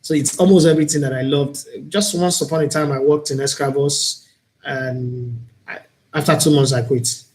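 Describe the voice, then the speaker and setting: This live-streamed talk show host, a broadcaster with a Nigerian accent, comes across as earnest, opinionated and thoughtful. He has a medium-pitched, darkish voice with a steady tone and normal pace.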